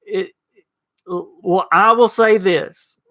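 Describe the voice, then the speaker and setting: A man's voice: high-pitched, steady tone, drawn-out words, pushed and bright. A man hosting a gaming podcast livestream, rambling casually, stumbling over restarts and answering chat messages by name. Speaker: podcast host reading live chat.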